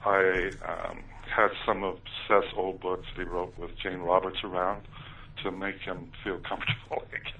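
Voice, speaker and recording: A man's voice: low voice, level tone, normal speed, creaky, bright, forceful tone, recorded from a distance, low-quality recording. A man telling his story in an interview, talking hesitantly with many ums and uhs. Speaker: author recounting his experiences.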